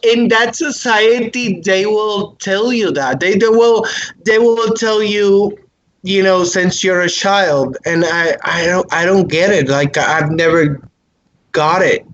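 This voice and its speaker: A man hosting a podcast, his voice pitched quite high for a man. He speaks slowly and haltingly as he searches for words. The recording sounds muffled and lo-fi, with a faint hiss. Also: a bit bright. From Puerto Rico. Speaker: podcast host. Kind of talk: casual podcast chat.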